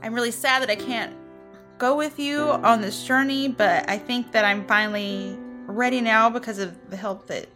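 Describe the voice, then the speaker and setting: A woman playing a young woman leader in a tabletop game, speaking earnestly with halting, tearful pauses. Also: fairly high pitch, music in the background, lightly acted. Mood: tender, heartfelt. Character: heartfelt young woman leader saying goodbye. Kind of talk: in-character speech in a tabletop game.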